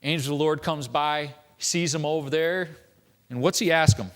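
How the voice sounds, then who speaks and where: A man's voice: fairly high pitch, moderate pace, a little hiss or hum. A man giving a sermon as a church elder, telling stories conversationally and tossing in rhetorical questions.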